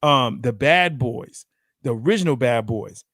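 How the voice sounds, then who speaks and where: Man, sports show host, casual debate, very lively pitch, dry recording. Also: a little slow, no room sound. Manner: animated, laughs often, acts out quotes.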